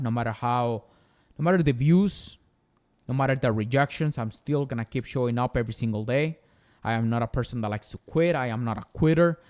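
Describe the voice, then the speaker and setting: A man's voice: mid-range voice, darkish tone. Earnest young man with a Spanish accent. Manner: earnest, motivational, repeats phrases for emphasis. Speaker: channel host. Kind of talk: casual live-stream monologue.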